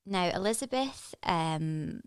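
A young woman from Edinburgh with an Edinburgh Scottish accent, a stage actress chatting as a podcast guest and telling a story in a lively, animated way. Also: fairly low pitch, slow, clear, resonant tone, dry recording. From Edinburgh, Scotland. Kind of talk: casual chat, storytelling.

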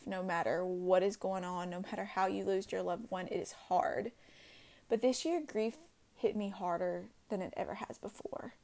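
Gravelly woman hosting a candid podcast. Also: medium pitch. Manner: candid and halting, with frequent restarts and soft asides. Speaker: podcast host. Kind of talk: unscripted personal podcast monologue.

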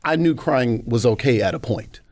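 A man's voice: mid-range voice, moderate pace, no room sound, studio quality. A man with an American accent, a podcast guest telling candid personal stories and acting out the people he quotes. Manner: animated storyteller who acts out quoted people. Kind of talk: candid podcast interview storytelling.

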